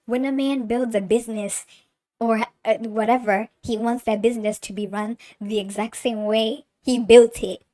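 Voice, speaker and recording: A woman doing a quick impression of an older male tycoon who worries about his business, declaiming loudly. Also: fairly high pitch, fairly even intonation, pitched above the performer's own voice, natural voice. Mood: insistent.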